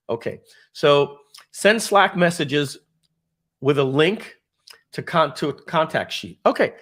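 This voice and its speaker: New york guy running a live demo on a video call, bit of gravel in his voice, chatty, thinks out loud. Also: fairly high pitch. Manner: chatty, thinks aloud, grows excited over tools. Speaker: webinar host.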